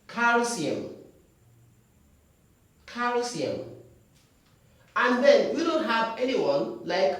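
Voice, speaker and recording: A man's voice: very high voice, big pitch swings. A man teaching English pronunciation in a classroom, drilling words by repeating them with emphatic stresses. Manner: slow, emphatic delivery with sudden loud stresses. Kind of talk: classroom lesson. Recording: echoey room, mic far off.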